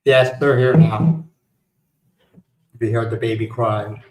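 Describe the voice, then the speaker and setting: A middle-aged man talking casually on a livestream, spinning stories and laughing at his own jokes. His voice sits at an everyday pitch for a man. The room around him rings with echo. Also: fairly even intonation, slow pace, noisy background. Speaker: livestream host. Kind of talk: casual chat.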